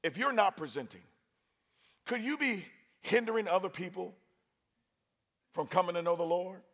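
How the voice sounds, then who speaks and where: Male preacher, high voice, lively, talks with the crowd, bursts loud. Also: moderate pace. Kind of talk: sermon. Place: university chapel.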